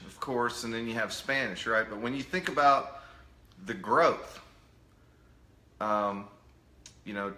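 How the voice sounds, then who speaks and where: A man's voice: mid-range voice, sharp tone. Jokey man lecturing in an echoey room. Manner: jokey, peppers points with "right?". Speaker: presenter of a live online talk. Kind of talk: casual live-stream lecture.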